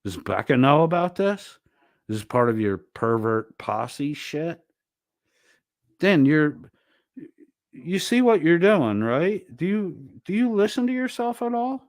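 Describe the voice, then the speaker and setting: A man's voice: fairly high pitch, big pitch swings, slow pace, dry recording, studio quality. A man ranting angrily and profanely while arguing with someone on a livestream. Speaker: streamer. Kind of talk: heated livestream argument.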